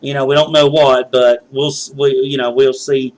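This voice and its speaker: A man's voice: mid-range voice, little pitch movement, moderate pace. A man hosting a wrestling results show, recapping matches in a casual, rambling way with many fillers and restarts.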